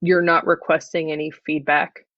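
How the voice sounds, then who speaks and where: A performer doing an improvised in-character interview in a flat, deadpan way. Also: medium pitch, normal speed, dry recording. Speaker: improv comedy guest. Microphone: video call. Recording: dull lo-fi video call audio.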